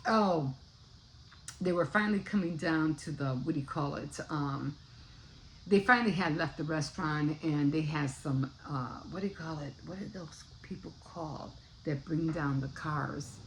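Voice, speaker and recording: Low-voiced older woman rambling through a book recap. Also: moderate pace, a little hiss or hum, poor audio. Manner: rambling, searches for words with many fillers. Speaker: book vlogger.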